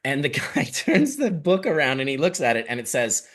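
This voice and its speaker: Middle-aged guy rambling on a podcast, swears a lot, mid pitch, gets animated. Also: normal speed. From Canada (Manitoba). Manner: animated, profane, rambling storyteller. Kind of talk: casual podcast chat.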